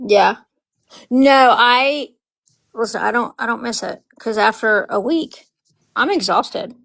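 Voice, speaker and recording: Gravelly-voiced grandmother telling stories. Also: a little high, slow pace. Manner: animated, acts out quotes in voices, laughs often. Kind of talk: casual storytelling chat.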